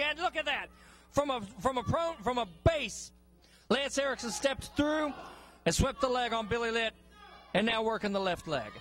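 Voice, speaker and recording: Very high-voiced folksy wrestling commentator. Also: male voice, a bit bright. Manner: folksy, emphatic asides.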